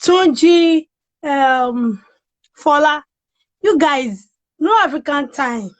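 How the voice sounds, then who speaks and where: A woman hosts a live stream in a high voice, speaking slowly and without hurry. A cold has roughened her voice. She chats casually and greets viewers by name. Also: rough recording. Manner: chatty, greets viewers by name, laughs often.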